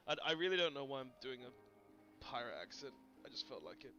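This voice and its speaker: Brief: male gaming streamer, offhand and mumbly, bright tone, lo-fi sound. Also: mid-range voice, big pitch swings, a little fast, few pauses. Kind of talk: casual gaming commentary. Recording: dull lo-fi stream audio, faint game music.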